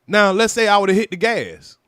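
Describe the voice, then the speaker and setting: A man casually telling a personal story on a livestream, animated and profane, loudly acting out what people said to him. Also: sits high, normal speed, clear, resonant tone, no echo, clean studio sound. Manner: animated, profane, acts out quoted voices loudly.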